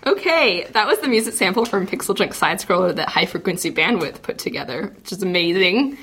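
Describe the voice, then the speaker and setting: A woman's voice: on the low side, expressive, fairly quick, noisy background. A woman hosting a podcast interview, casual and laughing often. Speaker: podcast host.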